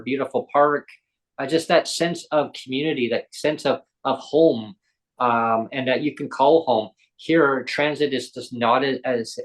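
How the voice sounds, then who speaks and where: A man hosting a podcast, telling his own stories in an earnest, animated way. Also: mid-range voice, rough recording. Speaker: podcast host. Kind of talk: casual podcast chat.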